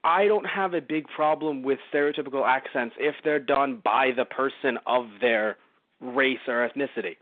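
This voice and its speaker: A podcast co-host reviews a show in rambling, casual chat full of swearing. His medium-pitched voice keeps a moderate pace, and the audio is dry and narrow, like a phone.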